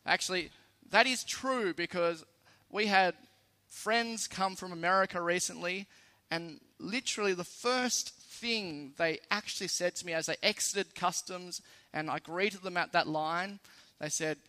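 A man's voice: high-pitched, unhurried, sharp tone. A man with an Australian accent preaching a sermon in a conversational, lightly humorous way, stressing key phrases.

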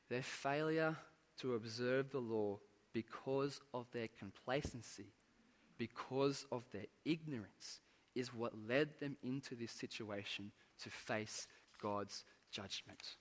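A man preaching a sermon, earnest and measured, pressing words for emphasis and letting phrase endings fall away. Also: medium pitch. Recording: long hall reverb.

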